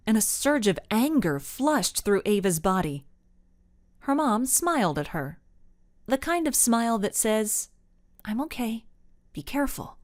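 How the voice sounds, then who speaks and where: A woman reading a children's mystery audiobook aloud as narrator, with expressive storytelling. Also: mid-range voice, no room sound, clean studio sound. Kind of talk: scripted narration.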